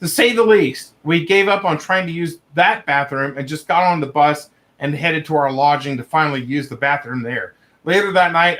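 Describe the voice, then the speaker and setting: A man's voice: on the high side, moderate pace, fairly bright tone. A young man hosting a livestream, reading viewer stories aloud and breaking off to laugh and swear in reaction.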